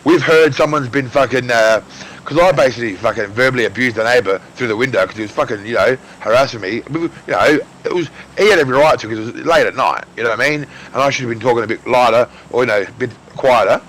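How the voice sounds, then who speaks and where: Brief: Australian man, thirties, loud excitable gamer, swears a lot, mid-pitch. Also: quick pace, slight background noise. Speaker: gamer on voice chat. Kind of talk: casual chat telling a story mid-game.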